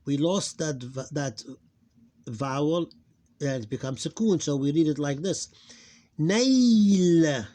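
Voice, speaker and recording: A man teaching a phonics lesson, slowly repeating each syllable and stressing it loudly. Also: a little high. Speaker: Arabic teacher.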